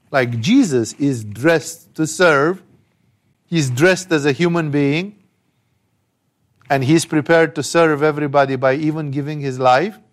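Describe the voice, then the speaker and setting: A man giving a conversational scripture commentary with emphatic rhetorical asides. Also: fairly high pitch. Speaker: spiritual teacher.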